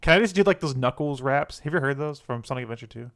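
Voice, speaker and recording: A man's voice: mid-range voice, expressive, quick pace, fairly bright tone. A young man co-hosting a casual gaming podcast, joking and laughing as he rambles. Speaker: podcast co-host.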